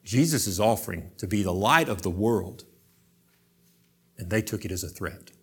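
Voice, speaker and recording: A man's voice: on the low side, animated, normal speed, breathy edge. Emphatic, conversational male preacher. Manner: swings between soft intimate asides and loud emphatic scripture reading. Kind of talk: sermon.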